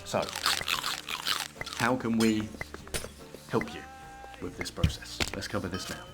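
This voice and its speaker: Calm low-voiced man teaching over music. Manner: calm, measured, reads example sentences aloud. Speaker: self-help teacher. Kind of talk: instructional video talk. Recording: loud background music.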